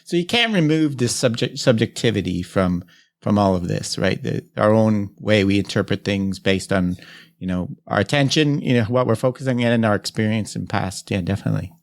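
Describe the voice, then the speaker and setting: A man's voice: fairly low pitch, a little fast, vocal fry. A man hosting a podcast interview, speaking casually and hesitantly, with many restarts. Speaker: podcast host.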